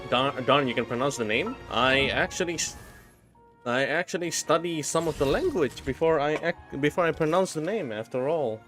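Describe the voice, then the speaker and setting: A man's voice: fairly high pitch, lively intonation, moderate pace, fairly bright tone, faint music behind. A young man chatting casually while streaming a game, often restarting his sentences and sounding out names syllable by syllable. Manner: rambling, many restarts, sounding out words.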